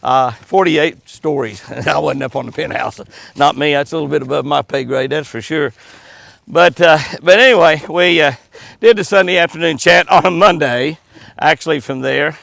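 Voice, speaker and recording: Gravelly, chuckling man chatting outdoors. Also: a little high, moderate pace, a bit bright, no room sound. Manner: folksy, chuckling, talks sweetly to his dogs. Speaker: host. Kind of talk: casual outdoor chat to camera. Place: outdoors, walking in the woods.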